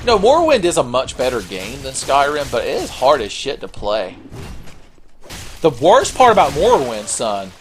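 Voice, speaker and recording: A man's voice: mid-range voice, wildly swooping pitch, moderate pace, a little hiss or hum. A young man giving casual, profane, rambling commentary while playing a video game. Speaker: gaming commentator. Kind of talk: casual let's-play commentary.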